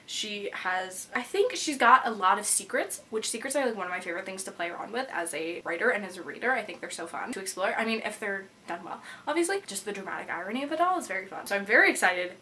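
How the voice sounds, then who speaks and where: Fast, bright-voiced bubbly young woman. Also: medium pitch, lively intonation. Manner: bubbly and gushing, many "like" fillers. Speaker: book vlogger. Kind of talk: casual chat.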